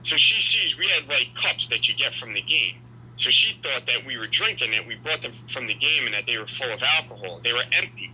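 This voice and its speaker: Forceful husky New man telling stories. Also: medium pitch, brisk, highs cut off. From New York. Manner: animated, profane storyteller. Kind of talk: casual chat, storytelling.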